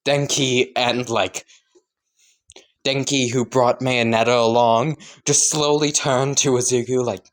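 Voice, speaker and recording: A man's voice: medium pitch, steady tone, slow. A man casually improvising and rambling through a fan story, full of fillers and side comments. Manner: rambling, giggly, lots of "like".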